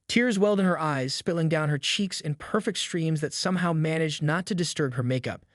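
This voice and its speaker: Dry, slightly high male narrator. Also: fairly quick, no echo. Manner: even, descriptive storytelling. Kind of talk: scripted story narration.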